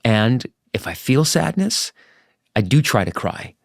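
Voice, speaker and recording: Middle-aged journalist guy being interviewed, lively up-and-down voice, earnest, acts out stories. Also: medium pitch, a little slow, gravelly, no room sound, studio quality. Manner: earnest and animated, acts out anecdotes. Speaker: guest, journalist. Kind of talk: candid conversational interview.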